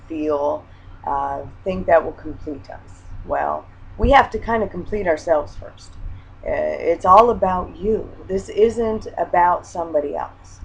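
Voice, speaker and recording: A woman's voice: on the low side, vocal fry, slight background noise, low-quality recording. A woman from Hawaii talking straight to camera as a life coach, telling personal stories earnestly and often restarting her sentences. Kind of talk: casual direct-to-camera advice talk.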